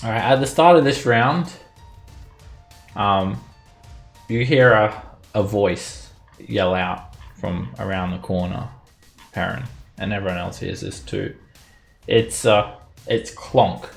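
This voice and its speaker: A man with a low, gravelly voice runs a tabletop game as game master. He narrates in a relaxed, unhurried way, dotted with fillers, over soft music.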